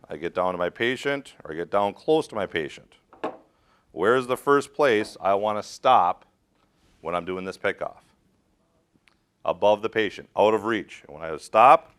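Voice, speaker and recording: A man's voice: deep voice, fairly bright tone, clear, resonant tone. A middle-aged man teaching a rope rescue class, direct and practical, quizzing his students as he demonstrates. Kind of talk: hands-on safety training talk.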